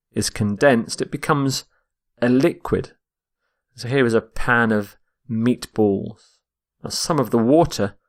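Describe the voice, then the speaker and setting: Slow, deliberate male English teacher. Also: mid-range voice. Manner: deliberate, repeats each word to stress its syllables. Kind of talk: slow, explained vocabulary lesson.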